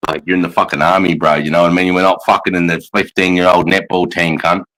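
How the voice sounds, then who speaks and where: Australian army veteran host, deep voice, swears freely, relaxed storytelling. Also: male voice, fast talker, low-quality recording. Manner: blunt, profane storytelling. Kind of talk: casual livestream chat.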